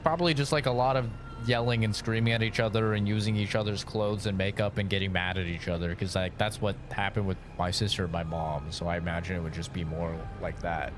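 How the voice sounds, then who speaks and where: A young man chatting on a gaming stream, telling crude, profane, rambling stories. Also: on the low side. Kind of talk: casual stream chat.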